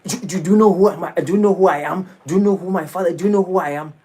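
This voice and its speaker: A man's voice: very fast, mellow, breathy edge. A preacher voicing an arrogant, boastful man who stammers as he demands respect. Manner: stammering, shrill bragging.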